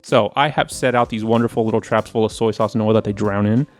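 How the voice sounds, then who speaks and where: A man co-hosting a casual podcast, telling stories in an animated, profane way and acting out his own quotes. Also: lowish voice, fast talker, soft background music. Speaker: podcast co-host, wine presenter. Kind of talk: casual chat.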